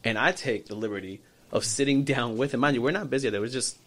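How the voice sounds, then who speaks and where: A man in his thirties tells a story over drinks in a voice of ordinary, middling pitch. He talks in an animated way, jumping into the voices of the people in his story. His sentences are full of restarts and repeated words. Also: quick pace. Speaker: podcast guest.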